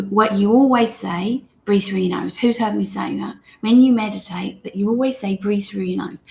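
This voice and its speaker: A woman teaching meditation in a gentle, chatty way, talking straight to her viewers and reading their comments aloud. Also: medium pitch, gravelly. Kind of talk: live-streamed guided meditation lesson.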